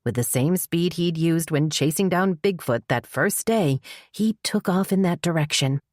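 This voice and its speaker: Low-voiced woman narrating an audiobook. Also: a little mellow, no room sound, studio quality. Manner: measured storytelling. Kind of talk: scripted narration.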